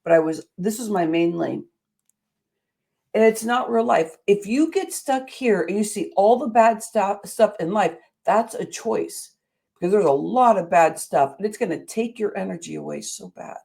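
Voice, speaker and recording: A woman's voice: mid-range voice, lively intonation, moderate pace, gravelly, dark tone. A middle-aged woman hosting a motivational show, telling a personal story in an earnest, emphatic way. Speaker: show host.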